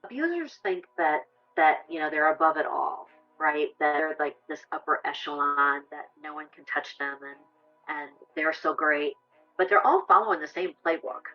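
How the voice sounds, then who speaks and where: A woman's voice: low-pitched, lively intonation, moderate pace, muffled recording, soft background music. A woman who survived abuse, speaking earnestly and hesitantly with many fillers in a documentary interview. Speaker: abuse survivor sharing her story.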